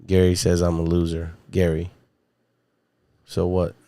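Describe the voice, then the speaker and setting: A man's voice: low voice, monotone, measured pace, mellow, dry recording. A man hosting a casual solo livestream, rambling and swearing as he chats to viewers, his voice still worn from a recent illness. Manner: rambling, profane, chatting to viewers. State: recovering voice after illness. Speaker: podcast host. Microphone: studio mic with podcast mixer.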